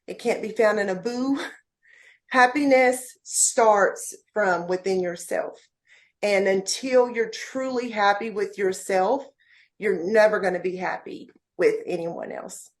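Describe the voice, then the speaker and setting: A woman's voice: mid-range voice, slow. A woman guest on a podcast, speaking heartfelt and motivational words straight to the listeners. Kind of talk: podcast interview.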